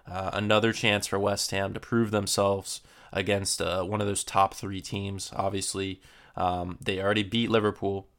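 Low, flat, gravelly man previewing football. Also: normal speed. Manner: relaxed, filler-heavy match previewing. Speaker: podcast host. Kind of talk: casual football podcast chat.

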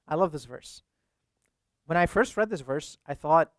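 A man's voice: on the high side, animated, normal speed, no room sound, clean studio sound. A young adult man, a priest, giving a casual, conversational sermon full of "like" fillers.

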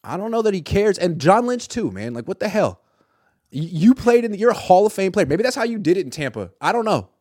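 Animated young man, dry close sound. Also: sits high, brisk, no echo. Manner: animated, swears, shouts imitations of a coach. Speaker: sports podcast co-host. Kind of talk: casual sports talk.

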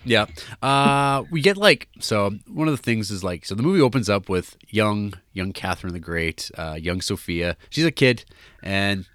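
A man's voice: lowish voice, expressive, normal speed, a bit bright, dry recording, clean studio sound. A man co-hosting a podcast, talking through a film in a rambling casual way with many fillers and restarts. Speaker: podcast co-host.

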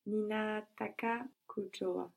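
Woman student answering slowly, flat gravelly voice, careful. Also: medium pitch. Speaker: language student. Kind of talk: repeating and answering in a language lesson.

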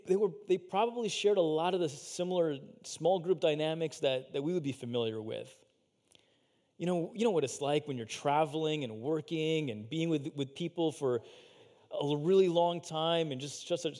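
A man's voice: a little high, normal speed, a little mellow, in a large hall. A male pastor giving a sermon, talking casually with lots of fillers and acting out quotes. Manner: casual, filler-heavy preaching with acted-out quotes.

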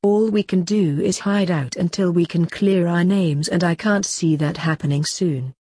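A woman voicing a tired, resigned man on the run, a father figure, in a husky voice. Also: fairly low pitch, normal speed, dark tone, dry recording, clean studio sound. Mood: weary.

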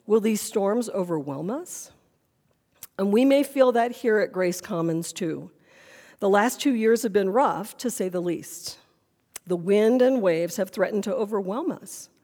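A woman's voice: mid-range voice, expressive, measured pace, mellow, big-room sound. A woman pastor preaching a sermon in a church sanctuary, earnest and full of questions.

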